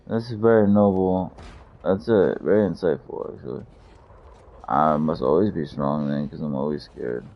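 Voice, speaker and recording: A man's voice: a bass voice, normal speed, gravelly. A man casually commentating his gameplay with profane, joking banter, in a lo-fi recording. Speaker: gameplay streamer.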